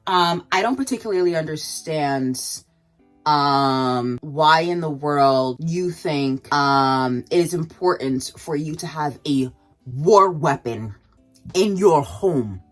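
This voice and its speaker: A woman ranting straight to camera as she does her makeup. Her voice sits fairly low and leaps up on rhetorical questions, with soft music playing faintly behind. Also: animated, takes it slowly. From Canada. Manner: fired-up, rhetorical questions with big pitch jumps. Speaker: vlogger. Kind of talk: impassioned vlog rant while doing makeup.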